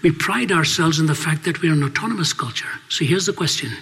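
A man's voice: fairly high pitch, fast talker, vocal fry, a bit bright, slightly rough. An older man giving a Christian talk on faith and culture, posing rhetorical questions and telling anecdotes. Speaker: Christian speaker.

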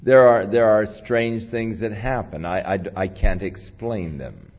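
A man preaching a sermon in a conversational storytelling way, with a voice that carries and big rises in pitch and loudness. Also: unhurried, highs cut off. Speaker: pastor.

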